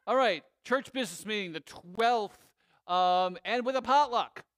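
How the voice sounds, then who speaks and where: A man chats casually in front of a church congregation and runs through the announcements. He has a smooth, clean voice that sits a little high for a man, recorded dry and close. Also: measured pace, no room sound. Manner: relaxed, chatty, laughs easily, trails off. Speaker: church leader giving announcements.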